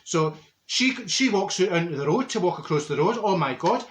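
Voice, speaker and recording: A man's voice: high voice, animated, fairly quick, a little hiss or hum. A man doing a gossipy Glaswegian woman. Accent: Glaswegian Scottish. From Glasgow, Scotland. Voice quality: chatty, repeats and stumbles over words, gushing. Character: brash chatty Glasgow woman, straight-talking gossip. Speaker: comedy character. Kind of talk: comic monologue. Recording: roomy echo.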